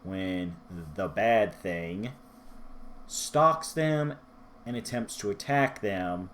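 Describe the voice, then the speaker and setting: A man's voice: fairly low pitch, drawn-out words, fairly bright tone, a little hiss or hum. A man talking through a book review in a rambling, self-deprecating vlog style. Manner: rambling, self-deprecating, loses his place in his notes.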